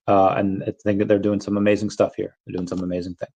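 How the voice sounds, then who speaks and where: A man hosting a casual crypto livestream, rambling in a relaxed way with many fillers and bouts of hiccups. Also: on the low side, quick pace, creaky, hardly any pauses, husky. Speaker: crypto channel host.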